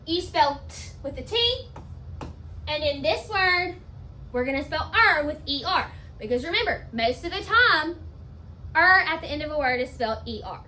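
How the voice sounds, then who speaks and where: A woman teacher giving a spelling lesson, talking slowly and emphatically and sounding words out part by part. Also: high-pitched, expressive, sharp tone, slight background noise. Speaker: elementary school teacher.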